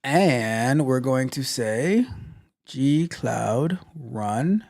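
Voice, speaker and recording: Mellow-voiced man thinking aloud. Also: medium pitch, expressive, vocal fry. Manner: thinking aloud, halting restarts, trailing off. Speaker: tech coach. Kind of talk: live-streamed coding walkthrough.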